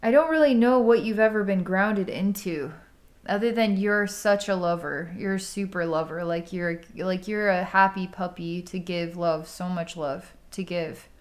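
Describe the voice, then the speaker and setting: A woman's voice: fairly low pitch, moderate pace. Chatty woman giving an energy reading. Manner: casual and chatty, heavy use of "like", frequent laughs and sighs. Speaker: psychic healer. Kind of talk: energy healing session talk.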